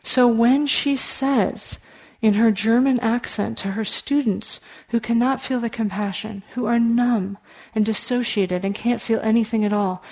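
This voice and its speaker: A woman's voice: fairly high pitch, steady tone, measured pace. Earnest woman giving a dharma talk. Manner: earnest, warm storytelling with soft asides; conversational, with frequent "uh" fillers. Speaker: meditation teacher.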